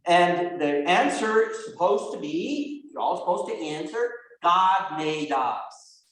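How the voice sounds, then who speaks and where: A man in his sixties preaches to his congregation with a high, lively voice that leaps up and down as he throws questions at them. The sound rings with heavy echo from the church sanctuary. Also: unhurried. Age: 60s. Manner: animated, asks the congregation questions. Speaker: pastor. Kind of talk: sermon.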